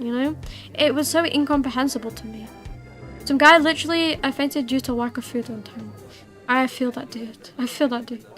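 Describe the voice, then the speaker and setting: Chatty high-voiced woman streamer. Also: a bit bright. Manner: rambling, chatty, frequent fillers and restarts. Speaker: livestream host. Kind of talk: casual chat with viewers while streaming.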